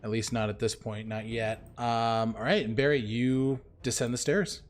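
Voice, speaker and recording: A man running a tabletop role-playing game as game master, casual and swearing when excited. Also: medium pitch, moderate pace, faint music behind.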